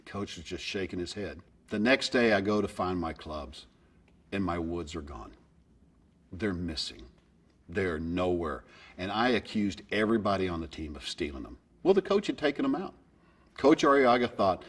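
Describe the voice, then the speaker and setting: A man's voice: lowish voice, big pitch swings, moderate pace, slightly rough. A man in his fifties telling humorous anecdotes in a folksy way, acting out the voices of the people in his stories. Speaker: golfer. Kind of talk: storytelling anecdote.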